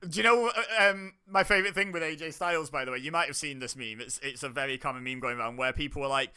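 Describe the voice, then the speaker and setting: Bright, clear-voiced chatty British man. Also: fairly high pitch, fast, few pauses. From United Kingdom. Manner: chatty, laughs often, rambling restarts. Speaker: host. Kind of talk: casual chat over a video call.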